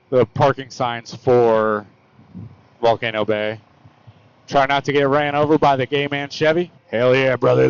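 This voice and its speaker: A man talks loosely as he rides, a motorcycle vlogger narrating the road with plenty of ums and restarts. His voice sits at an ordinary middle pitch. It comes through a helmet mic that sounds dull, dry and lo-fi. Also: clean tone, dry recording. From United States. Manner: rambling, chatty, self-correcting with fillers. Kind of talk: casual narration while riding. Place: on a motorcycle on open roads.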